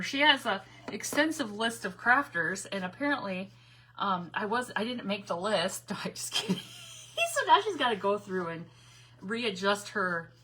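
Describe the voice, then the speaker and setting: A woman's voice: medium pitch, sharp tone, slightly rough. A middle-aged woman chatting casually with her viewers during a live craft stream from her home craft room, laughing often and greeting people by name.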